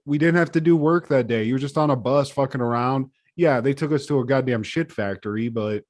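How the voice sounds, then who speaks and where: Profane, animated male podcast co-host. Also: medium pitch, fairly quick. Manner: loose, profane, animated retelling. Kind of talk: casual chat.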